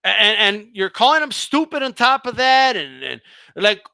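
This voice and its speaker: A man's voice: sits high, big pitch swings, normal speed, vocal fry, bright, forceful tone, clear, resonant tone, no echo. A man hosting a boxing livestream, ranting heatedly with profanity and stammering restarts.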